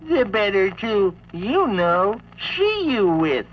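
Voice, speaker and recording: On a comic storybook record, a woman voices a sly male wolf disguised in a frail old granny voice, wisecracking in a slangy, drawling, evasive way. Her voice is mid-range and sing-song at a slow pace, and the vintage lo-fi recording sounds dull with faint hiss.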